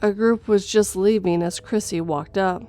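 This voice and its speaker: A woman reading a first-person horror story in a steady storytelling voice, going gentle for a mother's lines. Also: medium pitch, moderate pace. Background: faint music.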